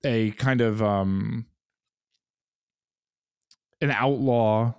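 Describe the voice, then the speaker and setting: Laid-back man with a smooth voice. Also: mid-range voice, drawn-out words, no room sound, clean studio sound. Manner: laid-back, swears casually, searches for words. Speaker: podcast co-host. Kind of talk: casual film chat.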